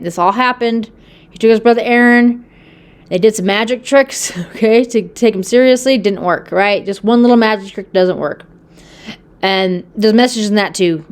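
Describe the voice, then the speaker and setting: A woman casually retells a Bible story for her video. She rambles and leans on fillers. She keeps checking in with her listeners. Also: mid-range voice. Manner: rambling, full of fillers and "okay?".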